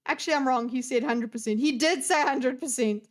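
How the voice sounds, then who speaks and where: A woman's voice: high-pitched, a little fast. A young adult woman giving casual reaction commentary on a debate video, talking bluntly with plenty of swearing and exasperation. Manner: blunt, profane, exasperated ranting.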